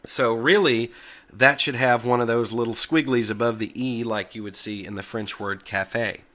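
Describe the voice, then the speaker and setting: Male tech host, casual and chatty, bright forward tone, mid pitch. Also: normal speed. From United States. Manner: relaxed, chatty, self-correcting. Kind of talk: casual talk to camera.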